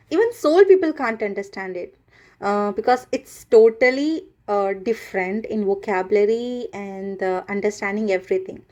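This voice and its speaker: A woman hosting a casual language video, chatty and full of pauses and fillers, breaking into quick Korean example phrases. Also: mid-range voice, a little mellow. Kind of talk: casual explainer.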